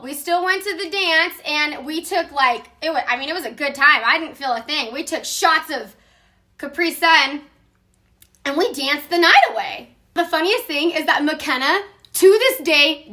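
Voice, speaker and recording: A woman in her thirties telling a casual, animated story, swearing and laughing as she goes. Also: sits high, moderate pace.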